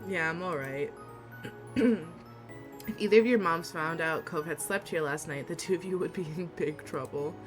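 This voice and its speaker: A woman's voice: deep voice, moderate pace, pauses often. A young woman streaming a visual novel, reading its text aloud and gushing with giggly reactions. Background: faint game music.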